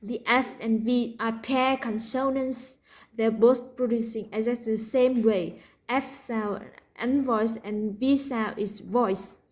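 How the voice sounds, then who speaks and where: A woman with a Vietnamese accent teaching a pronunciation lesson, slowly repeating practice words for learners. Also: fairly high pitch, steady tone, a little mellow, low-quality recording.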